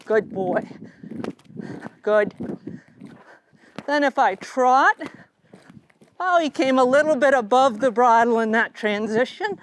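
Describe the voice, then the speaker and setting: A middle-aged riding instructor with a high voice teaches at a normal speed while riding in an outdoor arena. She coaches calmly and steadily, talking to her horse between explanations. The recording is noisy, with hooves and open-air sounds clearly audible.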